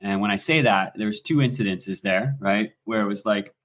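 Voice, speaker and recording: A middle-aged American man telling stories as a podcast guest, animated and swearing freely in casual talk. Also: fairly low pitch, normal speed. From United States. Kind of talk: casual storytelling.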